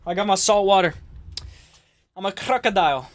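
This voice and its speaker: Stuffed-up guy rambling and cussing on a livestream, kinda high voice. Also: normal speed. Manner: rambling, profane, jokey, reads chat aloud. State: congested, clearing throat. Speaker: livestream host. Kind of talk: casual livestream chat.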